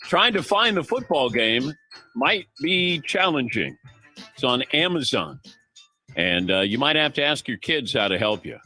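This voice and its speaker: A man's voice: medium pitch, very animated, unhurried, pushed and bright, soft background music. A middle-aged man hosting a sports talk radio show, chatting casually and telling anecdotes, acting out the voices of people he quotes. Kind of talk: casual on-air chat and storytelling.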